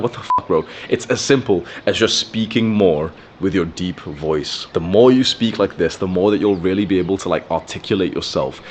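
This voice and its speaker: A man's voice: low-pitched, slight background noise. A young man giving blunt, profane, casual advice in a monologue, with lots of filler words. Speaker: self-improvement creator.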